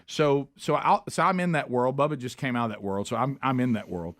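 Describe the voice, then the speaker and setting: A man's voice: mid-range voice, brisk, no echo, studio quality. A middle-aged man with an Alabama accent hosting a radio talk show, telling stories in a chatty, joking way. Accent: Southern US, Alabama. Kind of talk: casual radio banter.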